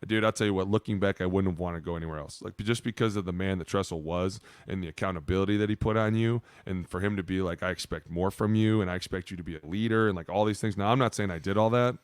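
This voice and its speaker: A fast, loose storyteller, this man in his thirties talks in a low voice and swears freely as he chats. The sound is dry and close, with no room around it. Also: clear, resonant tone, no echo. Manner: loose, profane, animated storyteller. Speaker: podcast co-host, former player. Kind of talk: casual storytelling chat.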